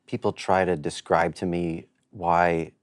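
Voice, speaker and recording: A man playing a tabletop game, talking in a deadpan, dry way. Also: low-pitched, takes it slowly, no echo. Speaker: player. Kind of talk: casual tabletop game chat.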